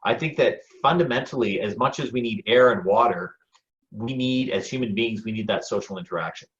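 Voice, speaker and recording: Low-voiced man on a muffled call. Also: a little fast. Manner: storytelling, energetic, repeats words when starting phrases. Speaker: guest speaker and speaking coach. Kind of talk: motivational interview talk.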